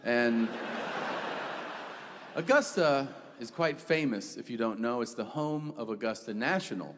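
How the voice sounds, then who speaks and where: A man in his forties performing a stand-up comedy set, acting out characters with shifting voices on a handheld mic in a large theater. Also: medium pitch. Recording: echoey theater hall with crowd noise.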